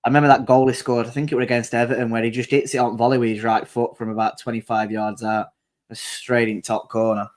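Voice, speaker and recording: A man's voice: mid-range voice, little pitch movement, fast. A man co-hosting a football watchalong, telling rambling stories in casual chat. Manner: rambling, anecdotal. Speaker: watchalong co-host.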